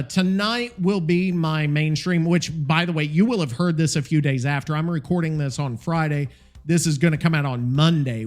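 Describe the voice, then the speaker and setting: A man hosting a solo podcast, rambling and swearing a lot, sounding tired. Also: on the high side. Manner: profane, rambling, animated. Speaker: podcast host. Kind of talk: casual solo podcast rant.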